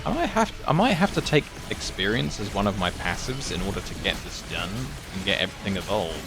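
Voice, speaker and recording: A man giving casual live commentary as he plays a video game, thinking aloud with excitable outbursts. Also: low-pitched, a little fast, music in the background. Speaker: gaming channel host.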